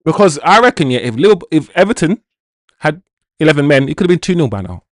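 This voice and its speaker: A man's voice: a little high, sing-song, quick pace, no echo. Man, young adult, live stream host, frustrated rant, chatting to viewers, dry room. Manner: ranting, frustrated, swearing, talking to the chat. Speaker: football watch-along host. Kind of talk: live-stream commentary and chat.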